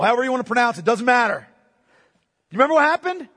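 A man's voice: very high-pitched, sing-song, rapid-fire, long pauses, pushed and bright. A male pastor preaching a sermon with emphatic rhetorical questions and repetition. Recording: long hall reverb.

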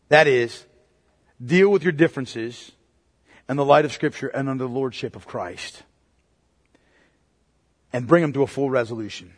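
A man's voice: mid-range voice, moderate pace, pauses often, breathy edge. A male pastor preaching a sermon emphatically, often asking the congregation rhetorical questions. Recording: long reverb of a large hall.

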